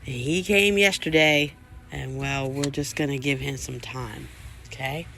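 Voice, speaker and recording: A woman showing her new rabbits outdoors beside the hutches on her farm, chatting casually to the camera and cooing softly at the animals. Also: a bass voice, steady tone, unhurried, gravelly, slight background noise. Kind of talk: casual vlog walk-through.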